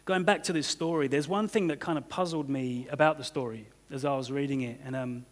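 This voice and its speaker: A male pastor with a medium-pitched voice preaches briskly in a church hall. He talks in a loose, conversational manner, filling gaps with "you know" and "kind of," while the room's reverb carries through.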